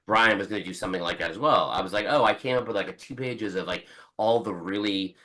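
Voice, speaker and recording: An author in his forties chats as a guest on a casual podcast, rambling with many restarts and quoted asides. His voice is on the low side, quick and sharp, captured in a rough recording.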